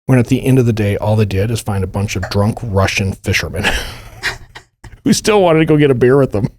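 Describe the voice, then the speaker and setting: A man's voice: on the low side, moderate pace, dry recording. A man co-hosting a true-crime podcast, telling a story in casual chat and acting out the people he quotes. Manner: animated retelling, acts out quotes in a raised voice. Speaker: podcast co-host.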